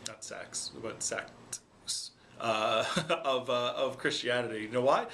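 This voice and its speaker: Bright-voiced man explaining his argument. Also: medium pitch, slight background noise. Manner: explaining, repeats "okay?" for emphasis. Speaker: vlogger. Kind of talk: casual argumentative monologue.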